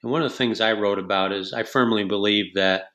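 Low, bright-voiced podcast host. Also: male voice, steady tone, fairly quick. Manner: thoughtful, questioning. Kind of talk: casual podcast chat.

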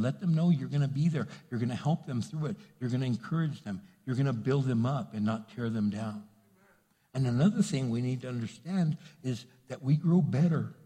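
A man's voice: mid-range voice, mellow, husky. A pastor giving an earnest sermon, speaking directly to his congregation and repeating his points for emphasis. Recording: long hall reverb.

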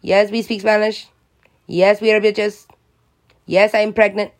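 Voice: mid-range voice, little pitch movement, unhurried, voice pushed up, natural voice. A speaker putting on the voice of a brash, boastful teenage schoolgirl clique. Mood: sassy. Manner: sassy, boastful.

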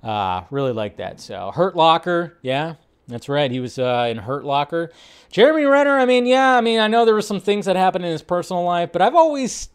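A man's voice: sits high, big pitch swings, fairly quick, clean tone. A middle-aged man casually chatting on his live movie show, rambling with restarts and talking to his chat.

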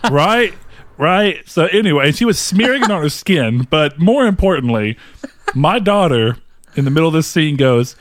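A man's voice: fairly high pitch, normal speed, a little hiss or hum. A man in his thirties co-hosting a casual film-review chat, swearing freely and telling stories through bursts of laughter. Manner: profane, animated storyteller who laughs a lot. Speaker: podcast co-host.

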